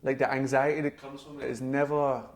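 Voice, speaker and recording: A man's voice: medium pitch, flat delivery, fairly quick. A young man with a West of Scotland accent co-hosting a podcast in casual, sweary, blunt chat. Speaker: podcast co-host.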